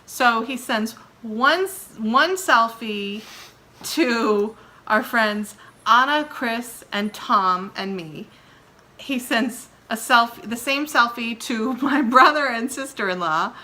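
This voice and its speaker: A woman's voice: a little high, takes it slowly. A woman hosting a vlog, chatting casually and teasing her husband, laughing often. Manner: giggly, teasing, animated. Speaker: vlog host, wife. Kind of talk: casual chat.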